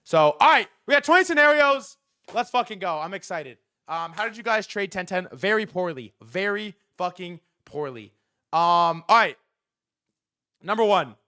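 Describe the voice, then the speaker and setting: A young man hosting a casual livestream about markets, talking in an excitable, profane and rambling way with lots of fillers. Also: high voice, moderate pace. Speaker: livestream host.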